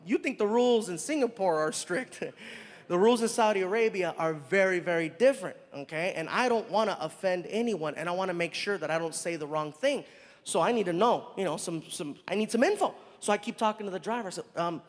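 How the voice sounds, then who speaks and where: A male stand-up comedian, animated and acting out the people in his story as he talks to a live crowd. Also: high-pitched, brisk. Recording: live venue with long reverb, faint ambience.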